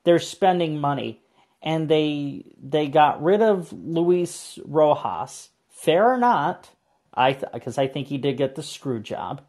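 A man's voice: fairly high pitch, expressive, takes it slowly, a little mellow. Man steering a casual sports chat. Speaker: podcast co-host.

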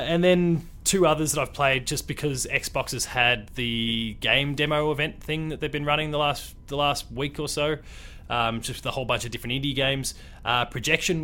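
A man's voice: medium pitch, sharp tone, a little hiss or hum. A man with an Australian accent hosting a gaming podcast, talking in a loose, rambling, casual way with mild swearing. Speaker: podcast host. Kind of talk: casual chat.

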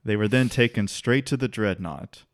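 Low-voiced man telling a story. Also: moderate pace. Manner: relaxed, occasional restarts, laughs while telling. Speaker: podcast co-host telling a history story. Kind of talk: casual storytelling chat.

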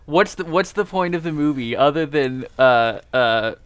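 A man co-hosting a casual podcast chat, talking in a halting, self-deprecating way with many ums and uhs. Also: on the high side, lively intonation, a bit bright, smooth, no echo. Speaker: podcast co-host.

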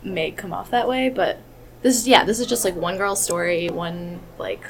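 A woman's voice: on the low side, normal speed. A woman guest telling a personal story in casual podcast chat, often quoting herself. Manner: giggly storyteller, quotes herself.

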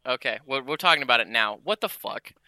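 A man's voice: medium pitch, animated, fast talker, pushed and bright, no room sound. A man in casual chat about games, joking and sarcastic, often trailing off mid-thought.

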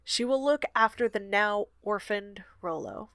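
A woman's voice: medium pitch, expressive, unhurried, fairly bright tone, no room sound. A woman co-hosting a podcast, summarizing a book chapter in a casual chat and often laughing. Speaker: podcast co-host recapping a book.

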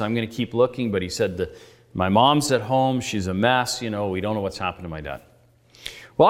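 A male pastor tells a story in his sermon, earnest and conversational, acting out the dialogue. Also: mid-range voice. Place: church sanctuary. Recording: reverberant church hall.

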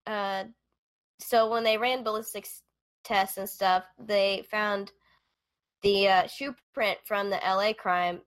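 Woman, middle pitch, true-crime podcast co-host, casual storytelling, chatty with fillers. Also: a bit bright. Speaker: podcast co-host telling the case. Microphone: remote call.

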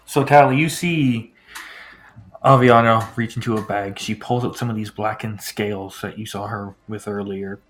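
A man's voice: fairly low pitch, steady tone, moderate pace, slight background noise. A man running a tabletop game as game master, describing scenes loosely with many fillers.

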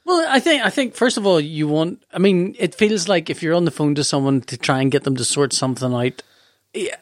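A man co-hosting a podcast in casual chat, jokey and quick to slip into silly voices. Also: fairly high pitch, animated, no echo, studio quality. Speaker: podcast co-host.

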